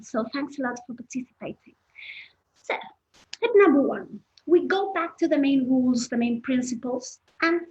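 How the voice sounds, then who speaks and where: A woman's voice: sits high, lo-fi sound. Upbeat woman teaching pronunciation online. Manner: encouraging, explains patiently, addresses the chat. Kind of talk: online webinar lesson.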